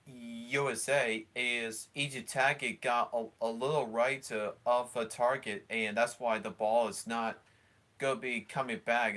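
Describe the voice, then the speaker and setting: A man hosting a live stream, talking over a sports broadcast in a halting way, full of fillers and restarts. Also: medium pitch, bright, forceful tone. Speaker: stream host commentating along with a broadcast. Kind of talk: casual live commentary.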